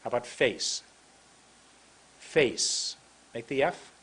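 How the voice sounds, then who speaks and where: A man from San Francisco teaching English pronunciation, repeating words slowly and deliberately. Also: mid-range voice. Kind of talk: slow demonstrative lesson.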